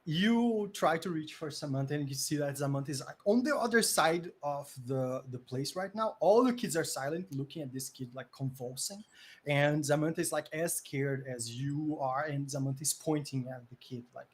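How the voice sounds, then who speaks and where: Man narrating as game master, slightly high. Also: breathy edge. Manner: vivid, pausing with fillers, acts out voices. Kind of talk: narrating a tabletop game in English.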